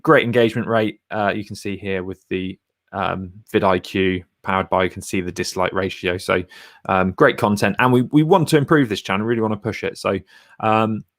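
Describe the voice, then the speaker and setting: Male YouTuber, lowish pitch, blunt chatty screen-share tutorial delivery. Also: vocal fry. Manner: chatty and blunt, talks while clicking through screens. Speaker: YouTuber reviewing thumbnails.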